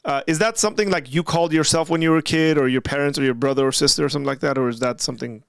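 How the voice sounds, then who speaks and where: Excitable man with a smooth voice. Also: on the high side, racing, dry recording, clean studio sound. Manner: excitable, curious, laughs often. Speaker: host. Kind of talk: casual chat.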